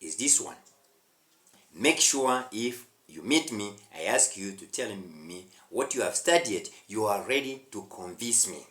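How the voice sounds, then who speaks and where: Rwandan male English teacher, preachy and emphatic, very animated pitch, roomy echo. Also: a little slow. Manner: preachy, repetitive, with emphatic swells. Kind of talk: direct-to-camera English lesson.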